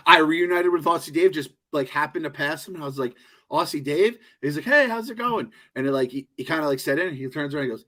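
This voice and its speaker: A man's voice: on the high side, fairly even intonation, very fast, few pauses, pushed and bright. A man co-hosting a podcast, telling rambling, profane stories in casual chat. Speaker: podcast co-host.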